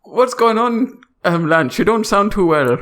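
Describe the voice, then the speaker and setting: An eager young Canadian man talks in a put-on Canadian accent, raised and upbeat, as a man puts him on. He is a comic improv figure, earnest and loud. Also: high-pitched, animated, measured pace, pitched above the performer's own voice. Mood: cheery.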